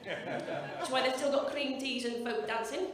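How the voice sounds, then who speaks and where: A woman's voice: sits high, measured pace, a crowd in the background. A woman in her forties from the English Midlands, doing a sweary, punchy stand-up comedy set in a club. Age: 40s. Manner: brash, sweary, punchy delivery. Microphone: stage microphone. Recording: echoey club room, picked up from a distance. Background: audience laughter.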